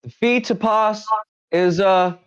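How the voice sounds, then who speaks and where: A man voicing a young male bandit highwayman who shouts blustering demands. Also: slow pace, clean tone, dull audio. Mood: curt.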